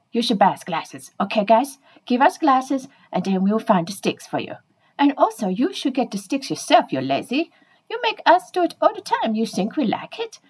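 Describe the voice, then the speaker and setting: A woman's voice: on the high side, darkish tone, breathy edge, rough recording. A woman voicing a playful, chatty pet dog, speaking straight to the listeners in a comic monologue.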